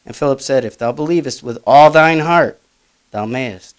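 A man's voice: mid-range voice, normal speed, smooth. Man preaching and reading scripture. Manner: reads King James verses aloud with loud emphatic rises and quiet asides.

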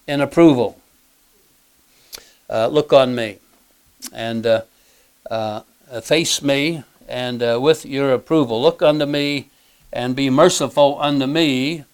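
Man, Bible teacher, smooth resonant voice, mid pitch, halting delivery, frequent throat clearing. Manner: reads scripture aloud in older English.

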